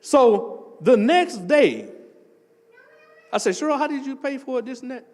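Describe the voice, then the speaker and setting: An older man, preaching a testimony sermon as associate pastor and telling a story that builds up into shouting. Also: very high voice, measured pace, in a large hall. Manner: animated storytelling, swells into shouting.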